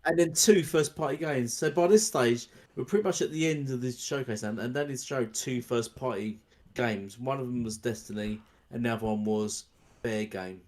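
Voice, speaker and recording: Casting: mid-pitched man, podcast host, halting delivery, repeats phrases, dry humor. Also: a little mellow. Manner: halting, repeats himself, dry running jokes. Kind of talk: casual gaming chat.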